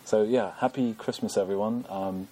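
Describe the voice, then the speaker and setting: A man's voice: on the low side, steady tone, moderate pace, mellow, slight background noise. A man hosting a podcast, chatting casually in a rambling, self-deprecating way with many fillers. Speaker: podcast host. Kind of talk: casual chat.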